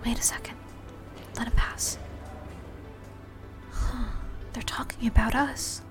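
A fiery young elf hacker, bold and foul-mouthed, tossing quick teasing banter at her partner in an audio role-play, as a woman plays her. Her voice sits a little high, with faint music under it. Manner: swearing, teasing banter with laughs. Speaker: voice actor.

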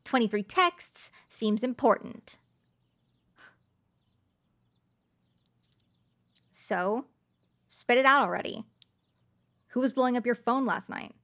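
A woman's voice: fairly high pitch, unhurried, a bit bright. A woman playing a sarcastic, cursing young woman. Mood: accusing. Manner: curt, sarcastic, swears a lot. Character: sarcastic, irritable young woman, a testy lover. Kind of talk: audio role-play addressing the listener.

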